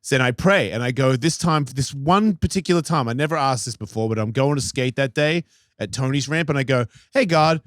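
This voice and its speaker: A man's voice: medium pitch, a little fast, no echo. A man in his fifties telling a long personal story as a podcast guest, blunt and profane, rambling through it in casual chat. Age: 50s.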